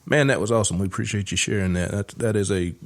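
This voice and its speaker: A podcast host with a drawl and a somewhat low voice. He spins a yarn in a loose, folksy way, full of "uh" and "you know". The talk is relaxed and chatty. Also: fast talker, soft background music. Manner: folksy, rambling, with many fillers and chuckles. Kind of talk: casual storytelling chat.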